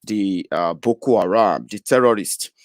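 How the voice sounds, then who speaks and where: Low male host for a political webcast, hesitant with lots of fillers, dry close sound. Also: no echo. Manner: halting, full of "uh" fillers and restarts. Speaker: host of a political web show. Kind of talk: live broadcast commentary.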